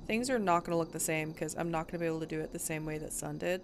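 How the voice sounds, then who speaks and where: A woman's voice: deep voice, very fast, few pauses, noisy background. A woman streamer talking in character during a game roleplay, frustrated and rambling, swearing often and full of fillers.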